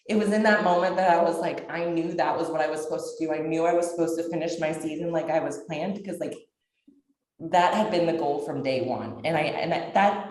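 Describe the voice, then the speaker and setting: A woman telling a personal story as an interview guest, halting with many fillers and restarts, choked up at times. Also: sits low, a little mellow, roomy sound.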